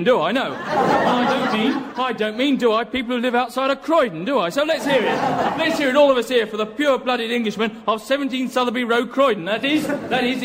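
A man doing a blustering, bigoted male pop star in a radio comedy sketch, his voice pitched high as he rants and keeps fishing for agreement. Live audience noise and hiss sit under him. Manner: blustering, rants with tag questions.

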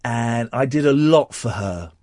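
A man hosting a radio show, telling a personal story while close to tears, halting and restarting often. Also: mid-range voice, animated, darkish tone, no room sound. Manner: halting and tearful, with many restarts. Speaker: radio host.

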